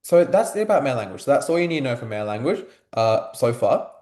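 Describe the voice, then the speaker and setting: A man's voice: medium pitch, sing-song, fast talker, darkish tone, echoey room. A young man tutoring a class in a casual, filler-heavy way, asking his students questions. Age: young adult. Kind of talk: live online class teaching.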